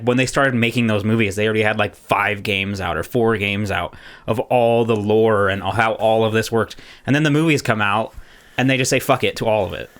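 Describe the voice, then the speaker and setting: A man's voice: mid-range voice, a bit bright. A man co-hosting a podcast in casual chat, rambling and laughing often, with many restarts. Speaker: podcast co-host.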